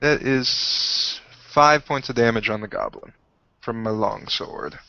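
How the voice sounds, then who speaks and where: A man playing a tabletop game, easygoing, with hammy in-character shouts. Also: medium pitch, big pitch swings, takes it slowly, gravelly, dry recording. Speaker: player. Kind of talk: casual tabletop play. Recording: muffled, dry home recording.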